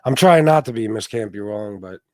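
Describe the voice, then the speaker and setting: A man's voice: on the low side, expressive, brisk, a little mellow, no room sound, studio quality. Profane rambling man on a livestream. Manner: profane, rambling, mock-heartbroken; reads out and greets chat members. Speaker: livestream host. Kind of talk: casual livestream chat. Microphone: desk microphone.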